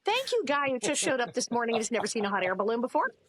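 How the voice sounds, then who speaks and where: Woman podcast host, higher voice, very lively pitch, sarcastic, acts out quotes. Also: racing, heavy background noise. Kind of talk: casual recap chat.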